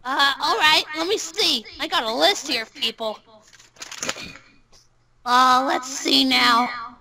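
A loud, excitable woman reading fan fiction in a casual group voice chat, peppering her talk with "yo". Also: high voice, slow.

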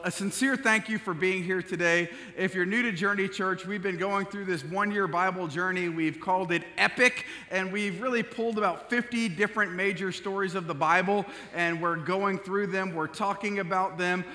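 High-voiced preacher guy, bright and punchy, big church reverb, lilt, casual then fired up. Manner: prays softly, then preaches with rising force. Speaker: pastor. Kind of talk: sermon. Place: church sanctuary.

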